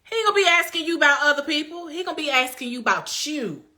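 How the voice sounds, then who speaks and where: A woman's voice: sits high, lively intonation, fast, sharp tone. A young adult woman vlogger giving a preachy, emphatic, folksy motivational talk straight to her viewers about self-care. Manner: colloquial, folksy. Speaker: lifestyle vlogger.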